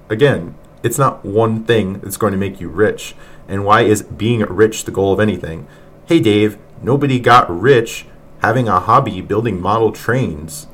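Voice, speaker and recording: Male podcast host, deepish voice, mocking and exasperated, faint noise behind. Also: unhurried, fairly bright tone. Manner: mocking, exasperated, laughs often. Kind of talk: reaction commentary podcast.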